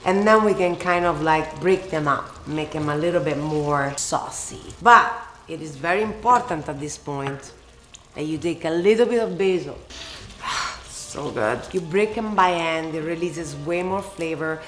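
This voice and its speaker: A woman from Italy with an Italian accent, hosting a casual cooking tutorial and answering questions in an expressive, emphatic way. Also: low-pitched, moderate pace. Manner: expressive and emphatic, lingers on words. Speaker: cooking show host.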